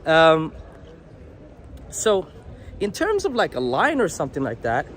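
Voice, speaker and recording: This young dating coach's voice runs on the high side and bright, swooping wildly in pitch as he speaks unhurriedly. He gives casual advice to the camera outdoors in an unfiltered, blunt, crude manner, with slight background noise.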